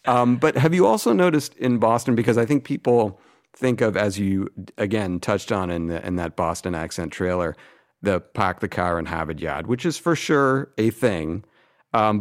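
A man from New England hosting a casual podcast chat, laughing often and talking in a loose, rambling way. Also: medium pitch. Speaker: podcast host.

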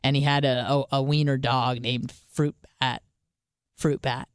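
With a bass voice and an unhurried delivery, this woman co-hosts a podcast in a clean-toned recording free of room sound. She swears freely while telling a casual comic story, animatedly taking on both roles in the dialogue.

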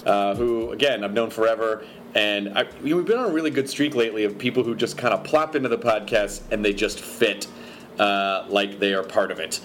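A man's voice: fairly low pitch, a little fast, faint music behind. A man hosting a podcast, reading sponsor spots with playful, jokey asides. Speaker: podcast host. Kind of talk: reading ads and introducing the episode.

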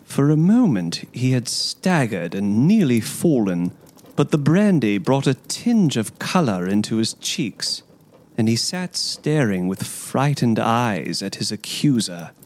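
A man narrating a classic detective story as an audiobook reader, in steady, expressive storytelling. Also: medium pitch, a little slow. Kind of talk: scripted narration.

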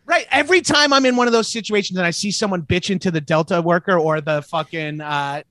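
A man ranting in a profane, animated way, as a comedian guest in a casual podcast chat. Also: high voice, fairly quick, no room sound. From New York City.

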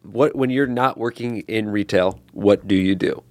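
A man co-hosting an advice podcast, talking casually and joking through quick asides. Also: on the low side, a little mellow, no room sound. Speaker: podcast co-host.

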